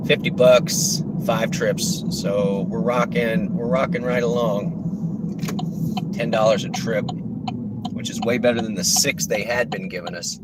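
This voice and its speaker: A man's voice: medium pitch, fairly even intonation, moderate pace, recorded from a distance. A man chatting while he drives and streams from his phone, rambling and joking and slipping into goofy impressions. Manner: rambling, jokey, slips into silly impressions. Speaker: rideshare and delivery driver streaming. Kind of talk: casual live-stream chat while driving. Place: inside a moving car. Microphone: phone used for streaming. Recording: loud road and engine noise from the car.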